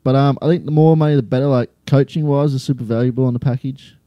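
A young man with an Australian accent, chatting casually as an interview guest, relaxed and full of fillers. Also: mid-range voice, quick pace, no room sound, highs cut off. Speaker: guest, skydiving student.

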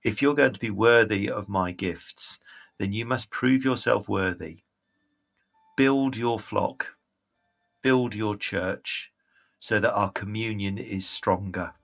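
Male GM playing a regal bargaining goddess, low, slow and imperious, in a tabletop game. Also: creaky, fairly bright tone, heavily acted. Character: demanding regal goddess, female, ageless, bargaining.

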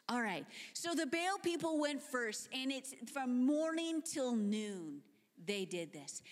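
A woman preaching a sermon, retelling a story in an animated, conversational way that drops into hushed tones. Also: fairly high pitch, measured pace. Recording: long hall reverb.

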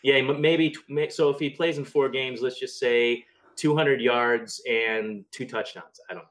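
A man's voice: mid-range voice, unhurried, a bit bright, a little hiss or hum. A man on a casual podcast, easygoing and hesitant with frequent fillers. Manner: easygoing, hesitant, lots of uhs. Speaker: podcast guest analyst.

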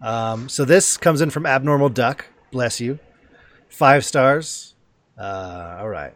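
A man's voice: mid-range voice, lively intonation, takes it slowly, fairly bright tone, dry recording. A man hosting a podcast in a casual chat, joking and teasing, trailing off and restarting. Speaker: podcast host.

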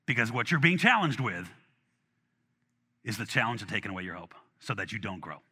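A man preaching a sermon in a conversational, animated way, often repeating himself as he restarts his phrasing. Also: fairly low pitch, a little fast, husky, big-room sound. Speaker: pastor.

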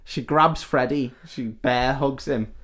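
A man co-hosting a podcast, recapping a horror film in casual chat, telling it with animated, swearing gusto. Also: mid-range voice, slow pace. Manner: animated storytelling, swears freely. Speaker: podcast co-host.

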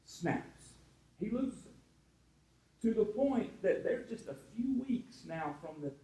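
Male pastor, high voice, chatty sermon with asides, roomy echo. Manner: conversational preaching with asides to the congregation.

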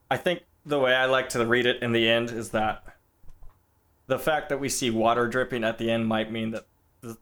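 A man's voice: mid-range voice, a bit bright. Chatty man co-hosting a film podcast. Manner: chatty, laughs often, stammers on restarts. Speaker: podcast co-host. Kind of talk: casual film discussion.

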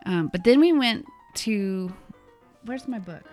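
A woman's voice: mid-range voice, lively intonation, takes it slowly, a little mellow, faint music behind. A middle-aged woman co-hosting a podcast, telling a travel story in a rambling, chatty way and laughing often. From United States. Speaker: podcast co-host. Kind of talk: casual chat, travel storytelling.

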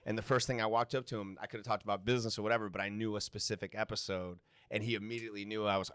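A man's voice: fairly low pitch, steady tone, fast, fairly bright tone, no room sound, studio quality. A male guest speaker and voice performer in a casual panel talk, telling stories animatedly and acting out quotes, in front of a student audience. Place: university lecture hall before a student audience.

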